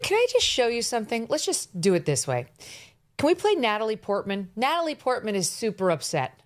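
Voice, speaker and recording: A woman's voice: fairly high pitch, sing-song, brisk. A woman hosting a political commentary show, speaking in a sarcastic, dismissive way.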